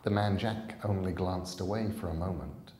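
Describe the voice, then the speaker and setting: A man reading a novel aloud in a calm, deliberate storytelling manner. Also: deep voice, roomy sound. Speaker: storybook reader.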